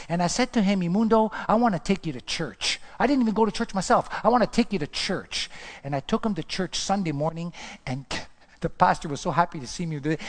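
Man, pastor, sermon testimony, slightly high voice, storytelling, animated, repeats himself.

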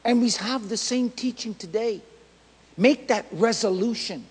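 Man, pastor, sermon, high voice, emphatic and repetitive, long church-hall reverb. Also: unhurried, breathy edge. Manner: emphatic, repetitive preaching that builds to shouts.

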